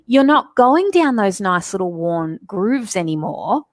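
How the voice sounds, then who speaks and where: A woman's voice: mid-range voice, very animated, unhurried, dry recording. A woman hosting a book club on a video call, explaining ideas in an earnest, casual way. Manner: explanatory, earnest, uses imagery. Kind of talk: casual chat.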